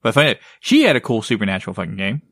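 A man's voice: lowish voice, huge pitch swings, rapid-fire, a bit bright, no room sound, clean studio sound. A man chatting casually as a podcast co-host, rambling, leaning on "like" and "right?", and swearing now and then. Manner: rambling, heavy use of "like" and "right?". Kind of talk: casual chat.

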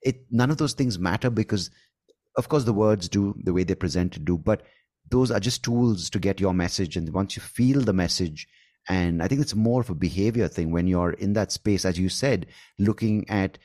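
A man with an Indian accent hosting an interview, enthusiastic and halting, with many restarts. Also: deep voice, warm tone. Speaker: podcast host. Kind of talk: conversational interview.

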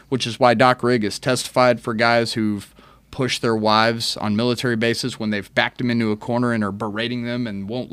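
Profane, animated man telling stories. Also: medium pitch, no echo. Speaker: podcast guest, army veteran. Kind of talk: casual podcast chat.

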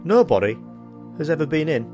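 A man doing Desmond Motorhome, deadpan oddball. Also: fairly high pitch, brisk, faint music behind, voice pushed up. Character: Desmond Motorhome, odd male random-thoughts presenter.

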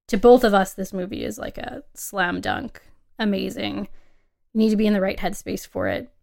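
A woman's voice: mid-range voice, vocal fry. A young adult woman co-hosting a casual film podcast, chatty and emphatic, laughing often. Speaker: podcast co-host.

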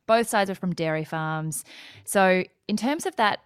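A woman's voice: mid-range voice, measured pace, smooth, dry recording, studio quality. A woman in her thirties with an Australian accent, telling her story in a talkative interview chat that wanders off on tangents. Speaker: guest.

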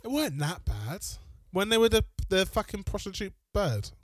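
A man's voice: high voice, very animated, normal speed, no room sound. A man co-hosting a podcast, chatting bluntly and swearing freely into a handheld mic. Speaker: podcast co-host. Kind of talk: casual chat.

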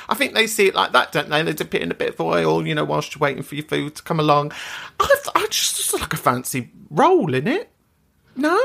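A woman's voice: sits low, big pitch swings, normal speed, creaky, fairly bright tone. A woman hosting a podcast, chatting casually, swearing and laughing as she talks. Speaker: podcast host. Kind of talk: casual chat.

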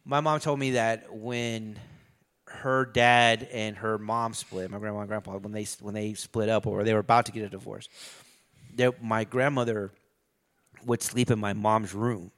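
A man's voice: lowish voice, fairly even intonation, normal speed, a bit bright. A middle-aged man in a casual chat, telling a long story loosely, with lots of fillers and swearing.

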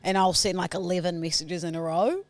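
A woman's voice: fairly low pitch, steady tone, fairly quick, dry recording. A woman co-hosting a podcast, chatting casually, laughing and playfully reining in her partner. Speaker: podcast co-host. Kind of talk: casual comedic chat.

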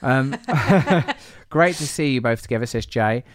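A man's voice: medium pitch, lively intonation, slow pace, no room sound. A man hosting a podcast, teasing and rambling through asides between introductions. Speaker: podcast host. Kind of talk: playful podcast intro and banter.

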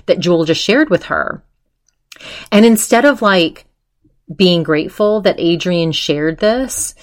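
A woman hosting a podcast, chatting casually as she retells a story, full of fillers and quoted voices. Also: on the low side. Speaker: podcast host.

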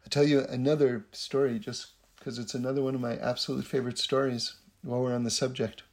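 Gravelly man telling a story. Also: mid-range voice, little pitch movement, fast talker, a little mellow. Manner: acts out quoted voices, laughs between lines. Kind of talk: animated storytelling talk.

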